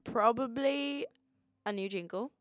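A woman's voice: on the high side, a little slow, no room sound, studio quality. Giggly young woman podcast co-host. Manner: giggly, playful banter. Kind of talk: casual chat.

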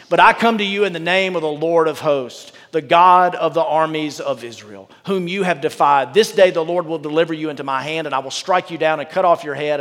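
A man's voice: fairly high pitch, a bit bright, in a large hall. A pastor preaching a sermon. He reads scripture aloud and breaks off into candid, joking asides. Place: large church with a balcony.

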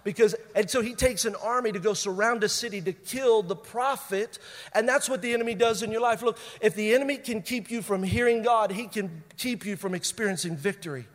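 A male pastor preaching a sermon. He stresses key phrases by repeating them, and he moves between loud bursts and quiet, intense lines. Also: sits high, a little fast. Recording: long reverb of a large hall.

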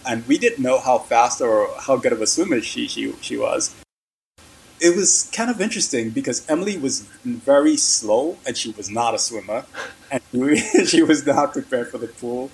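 A man's voice: mid-range voice, animated, moderate pace, vocal fry, poor audio. A man telling a story as an interview guest, in a casual, rambling, conversational way.

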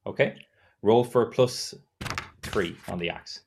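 A man's voice: lowish voice, slow pace, gravelly, a little mellow, slight background noise. A man narrating as game master, hesitant with many fillers. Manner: rambling, hesitant, full of fillers.

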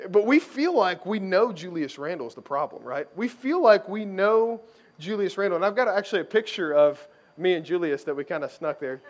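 A young adult man preaching a sermon as a pastor, conversational and animated, acting out the voices of the people in his stories. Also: high-pitched. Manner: conversational, animated storytelling, acts out quoted voices. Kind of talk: sermon with storytelling.

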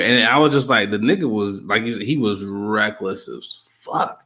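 A man in casual conversation, animated and profane, slipping into quick impressions of the people he talks about. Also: lowish voice. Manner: animated, profane slang, acts out quotes. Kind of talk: casual chat about a music event.

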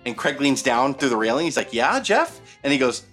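A man's voice: medium pitch, fast, music in the background. A man casually telling long, rambling anecdotes on a podcast, full of fillers and quoted voices. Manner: rambling, animated, many fillers. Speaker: podcast co-host telling stories. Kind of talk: casual storytelling chat.

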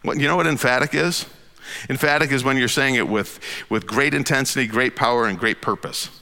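A preacher with a bright, forceful voice delivers a sermon in a big hall with a long reverb trailing his words. He leans hard on emphatic lines, then drops to a soft, hushed tone. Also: mid-range voice, a little fast, creaky. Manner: expressive preaching, swinging from loud emphasis to hushed near-whispers. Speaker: pastor.

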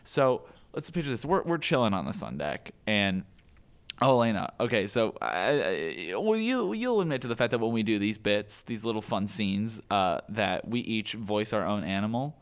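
A man with a very low, deep voice co-hosting an improvised comedy podcast. He talks in a playful, self-mocking way and rambles into long tangents. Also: very animated, normal speed, smooth. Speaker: podcast co-host.

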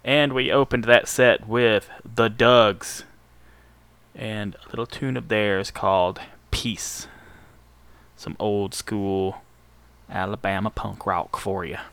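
A man's voice: fairly low pitch, steady tone, slow pace, a bit bright, clean tone. A male radio host with a Southern accent, back-announcing punk songs in a casual, profane, joking manner.

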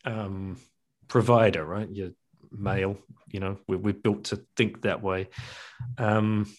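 A man's voice: fairly low pitch, fairly even intonation, slow. Reflective middle-aged man telling his story. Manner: reflective, with frequent restarts and laughs. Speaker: guest, author and podcast host. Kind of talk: candid conversational storytelling.

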